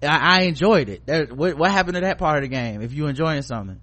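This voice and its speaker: A man's voice: a little high, lively intonation, quick pace, fairly bright tone. A man co-hosting a podcast in casual chat, giving blunt, profane, opinionated commentary. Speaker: podcast co-host.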